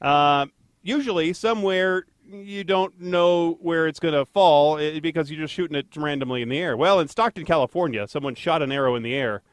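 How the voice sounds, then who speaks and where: A man's voice: fairly high pitch, normal speed, no room sound. A man co-hosting a casual podcast, rambling and joking with lots of fillers and self-deprecating asides. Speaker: podcast co-host, traffic anchor.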